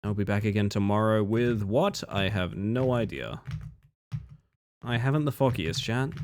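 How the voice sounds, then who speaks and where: A man's voice: on the low side, normal speed. A tired man chatting casually with his viewers while streaming a game. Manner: relaxed, chatty, talks to chat between runs. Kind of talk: casual gameplay commentary.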